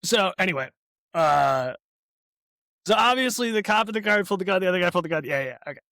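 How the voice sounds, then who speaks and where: A man's voice: sits high, lively intonation, fast talker, gravelly, sharp tone, dry recording. A man co-hosting a casual podcast chat, laid-back, with dry sarcastic asides and frequent laughter. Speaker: podcast co-host.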